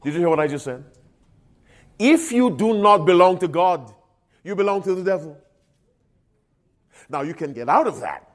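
A man preaching a sermon in an emphatic call-and-response style, swinging between loud appeals and soft asides. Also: high-pitched, animated, normal speed, long pauses.

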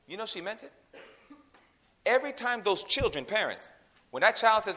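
A man preaches a sermon in a high, bright, forceful voice. He keeps quizzing the congregation with call-and-response questions. He swings between loud, punchy emphasis and soft, hushed passages. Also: expressive, normal speed. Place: in a room with a congregation.

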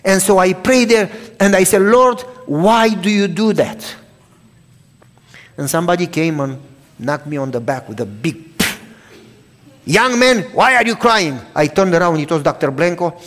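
A preacher from Romania with a Romanian accent, giving a sermon with personal testimony, dramatic, shifting from loud outbursts to hushed telling. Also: male voice, on the high side, moderate pace, big-room sound.

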